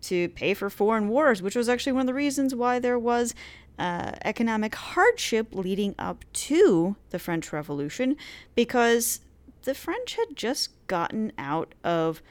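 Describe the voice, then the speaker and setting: A woman's voice: fairly high pitch, very animated, a little slow. A woman hosting a history series, explaining events in a casual, chatty lecture with playful asides and frequent filler words. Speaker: history podcast host.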